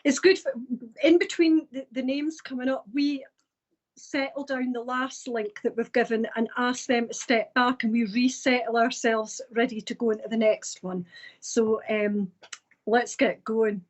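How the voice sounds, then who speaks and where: A woman's voice: fairly high pitch, steady tone, a little slow. A woman co-hosting a live psychic show, chatting in a jokey, upbeat way. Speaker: co-host psychic. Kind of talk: live online show, casual chat. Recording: dull lo-fi stream audio.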